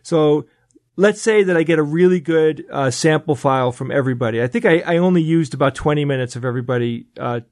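A man's voice: a little high, fast talker, a little mellow, no echo. Upbeat man with a dry, close sound. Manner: enthusiastic, explanatory, frequent restarts. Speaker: podcast co-host. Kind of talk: casual panel chat.

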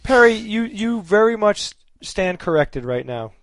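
A man's voice: high-pitched, big pitch swings, measured pace, no room sound. A man co-hosting a casual podcast who argues his points bluntly and insistently. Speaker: podcast co-host. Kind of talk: casual podcast panel talk.

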